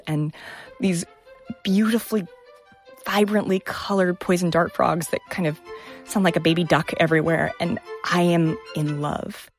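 A woman microbiologist telling vivid, enthusiastic stories about her research. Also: deep voice. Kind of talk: storytelling talk, stage and interview.

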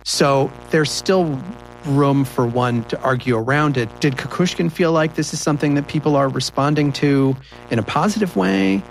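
A man hosting a podcast interview, asking questions in a quick, conversational way. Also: on the high side, gravelly, slight background noise, rough recording. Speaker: podcast host.

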